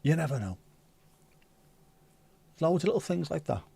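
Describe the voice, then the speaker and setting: A man's voice: on the high side, very animated, normal speed, gravelly, mellow, husky, no echo. A man, hosting a livestream and chatting casually with viewers, telling comic stories and swearing freely. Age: 50s. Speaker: livestream host. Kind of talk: casual chat reading viewer comments.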